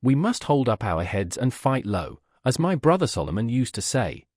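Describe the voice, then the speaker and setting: A man's voice: mid-range voice, sing-song, normal speed, a little mellow, breathy edge, no room sound, clean studio sound. A man voicing a bustling, emphatic middle-aged woman, a loyal governess, in an audiobook.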